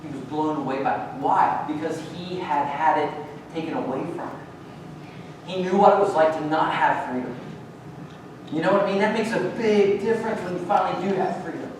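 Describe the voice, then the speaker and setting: A man's voice: on the high side, fairly quick, slight background noise. Male pastor, sermon storytelling, lots of restarts, big swings in volume, miked from afar in a very echoey sanctuary. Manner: storytelling with many restarts, animated swings from hushed to loud. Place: church sanctuary. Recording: echoey church hall from a distance.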